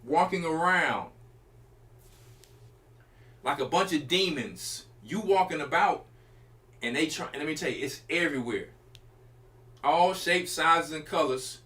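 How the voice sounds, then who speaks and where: A high-voiced man preaching as a church elder, his pitch swinging widely as he drives his points home. His tone is bright and forceful, and he talks to the congregation directly in a loose, conversational sermon style. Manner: emphatic, colloquial preaching with direct address to listeners. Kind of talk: informal sermon teaching.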